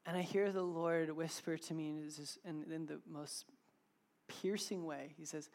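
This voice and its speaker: A man's voice: on the high side, a little slow, vocal fry. Casual young male preacher. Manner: casual, with filler words and animated retelling. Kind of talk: informal evening sermon.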